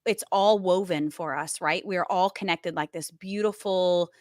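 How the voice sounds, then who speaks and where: A woman's voice: on the low side, normal speed, darkish tone, no room sound, clean studio sound. A woman hosting a podcast who reacts with gushing enthusiasm and muses about connection. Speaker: podcast host. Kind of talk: casual interview chat.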